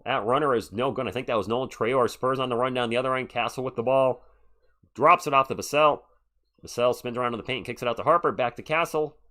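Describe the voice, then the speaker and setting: A man's voice: mid-range voice, bright, forceful tone. Male live-stream commentator, mid-range voice, casual play-by-play with chat banter. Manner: chatty, answers the chat between rapid play calls.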